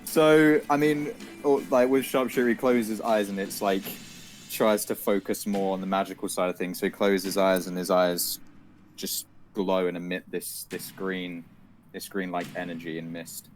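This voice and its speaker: A man's voice: deep voice, fairly even intonation, normal speed. A man playing in a tabletop game over an online call, describing his moves hesitantly with many fillers. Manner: hesitant, full of ums and likes. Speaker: player. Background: background music.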